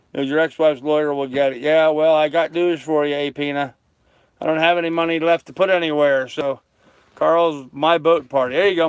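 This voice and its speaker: This older man is a sailing vlogger chatting casually on a live stream from a small sailboat cabin on a lake, cracking jokes and laughing at them himself. His voice sits a little high and sounds clean in a dry recording.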